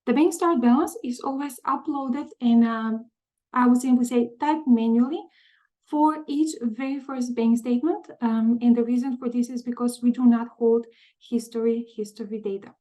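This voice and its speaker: A woman presenting a software walkthrough in a webinar, methodical, often pausing with "um" and repeating words. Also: fairly high pitch, fairly even intonation, rough recording. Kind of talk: webinar screen-share walkthrough.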